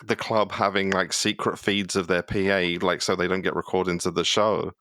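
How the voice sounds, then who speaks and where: A man's voice: low-pitched, little pitch movement, normal speed, fairly bright tone, no room sound. A man co-hosting a casual podcast interview, asking rambling questions full of fillers. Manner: loose, filler-heavy questioning. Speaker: podcast co-host.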